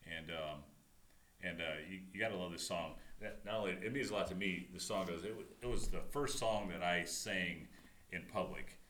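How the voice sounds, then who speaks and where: A middle-aged man with a deep voice co-hosting a casual podcast chat, joking around and rambling with lots of fillers. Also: normal speed, fairly bright tone, reverberant. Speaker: co-host.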